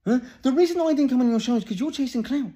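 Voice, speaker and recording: A comedian doing an angry, swearing impression of an English public figure, with an English accent, ranting and barking "huh?" between lines. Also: male voice, extremely high pitch, very fast, warm tone.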